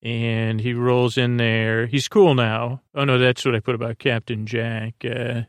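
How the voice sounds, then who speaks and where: Brief: male podcast host, gravelly low-mid voice, loose rambling recap, dry close sound. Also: level tone, unhurried, dry recording. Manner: rambling, many fillers and self-corrections. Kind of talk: casual episode recap.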